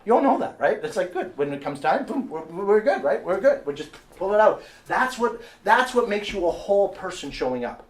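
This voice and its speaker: Energetic male seminar presenter, distant mic. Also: high voice, brisk, hardly any pauses. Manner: keeps asking the audience "right?" and "how many know"; energetic, with restarts and repetition. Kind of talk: motivational seminar talk. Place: meeting room with a live audience. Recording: distant mic with faint background noise.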